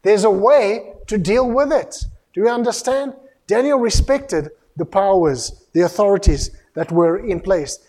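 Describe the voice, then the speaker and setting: A man's voice: high-pitched, measured pace, in a large hall. A male pastor preaching a sermon, acting out the dialogue of biblical figures and turning emphatic when he rebukes. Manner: animated storytelling preacher who acts out biblical dialogue.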